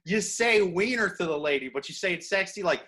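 Man, podcast co-host, high voice, swoops around, crude jokey banter. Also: brisk. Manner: profane, animated, jokey rants.

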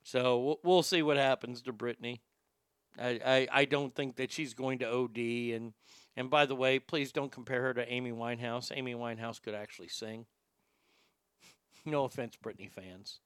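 A man's voice: mid-range voice, fairly even intonation, moderate pace, a bit bright, clear, resonant tone, dry recording, clean studio sound. A man hosting a show, giving a profane, combative and sarcastic rant about celebrities. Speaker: host. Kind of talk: ranting celebrity commentary.

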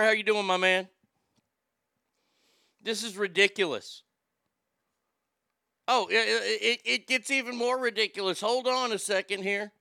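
Profane, ranting man with a gravelly voice. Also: high-pitched, sharp tone, no room sound, studio quality. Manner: profane, heated and sarcastic; stammers and restarts when worked up. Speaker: live show host. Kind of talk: ranting political commentary.

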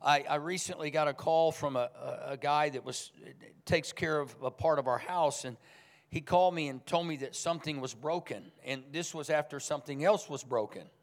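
A man's voice: a little high, moderate pace, big-room sound. A man preaching a sermon as pastor, speaking in a conversational but emphatic way. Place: church sanctuary.

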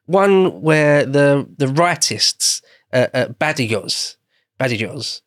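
Casting English male podcast guest, mid-pitched, rambling, self-correcting storyteller, dead-dry close mic. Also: lively intonation, slow, no room sound. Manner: meandering, circles back and rephrases often. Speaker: podcast guest explaining history. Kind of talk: casual podcast conversation.

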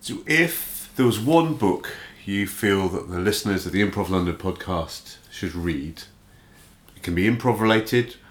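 A man hosting a podcast interview, asking relaxed, hesitant questions with frequent ums. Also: low-pitched, a little slow. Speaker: podcast host. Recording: roomy echo.

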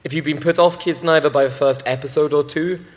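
A man's voice: fairly high pitch, steady tone, brisk. A man speaking on a convention panel, enthusiastic and rambling with many fillers. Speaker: anime distributor panelist. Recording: long hall reverb.

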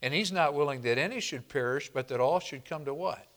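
A man preaching a sermon to a congregation, slow and emphatic, often asking the room questions and answering them. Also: a little high, a bit bright. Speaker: pastor.

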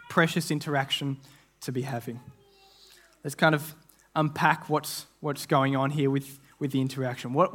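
An earnest man preaches a sermon as a guest speaker, with a voice pitched somewhat high for a man. He often repeats words as he restarts a phrase, and he slips into quick imagined voices to act out what people might have said. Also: a bit bright.

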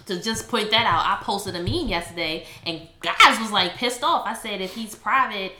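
A woman's voice: mid-range voice, moderate pace, reverberant, a little hiss or hum. A woman co-hosting a casual podcast chat, blunt and profane as she tells stories. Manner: blunt, profane, animated storytelling. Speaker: podcast co-host.

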